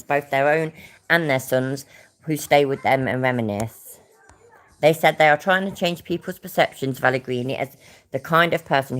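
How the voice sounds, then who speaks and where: A woman with a British accent, hosting her own channel, reading out a news story and reacting to a clip with blunt, sarcastic comments and plenty of swearing. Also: very deep voice. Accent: British English.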